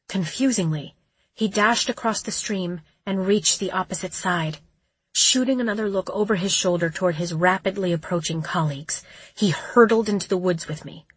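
A woman narrating a first-person audiobook with a measured, tense storytelling delivery. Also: on the low side, husky, no echo.

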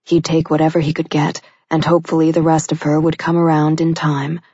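A woman narrating a romance audiobook in a steady, intimate reading. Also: sits low, brisk, breathy edge, no echo. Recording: dull lo-fi recording.

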